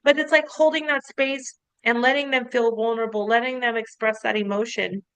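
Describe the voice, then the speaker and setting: A woman co-hosting a casual podcast as a coach, talking in an animated, storytelling way, full of "like" fillers and easy laughs. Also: fairly high pitch, fairly quick, clear, resonant tone, no room sound, rough recording.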